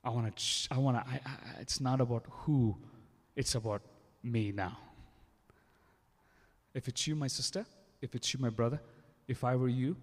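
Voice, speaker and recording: Speaking at a moderate pace in a medium-pitched voice, an Indian man with an Indian accent delivers a sermon with fervor and lots of repetition, frequently starting his phrases over. The recording carries a large hall's long reverb.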